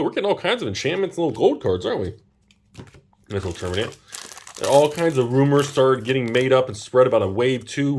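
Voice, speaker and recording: Excitable man, casual pack-opening chat, swooping up and down in pitch, faint hiss behind. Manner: excitable, exclaims over cards. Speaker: channel host.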